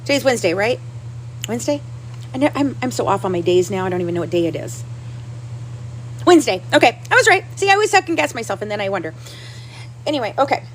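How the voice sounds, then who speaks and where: A woman's voice: a little high, sing-song, racing, slight background noise, low-quality recording. A chatty woman hosting a livestream. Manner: repeats herself, talks to viewers in the chat, upset and restless. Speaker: livestream host. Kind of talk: casual livestream chat.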